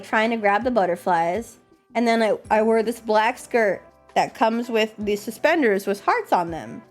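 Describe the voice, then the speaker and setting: A woman streamer chatting casually and fast, swearing a lot and answering her chat. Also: fairly high pitch.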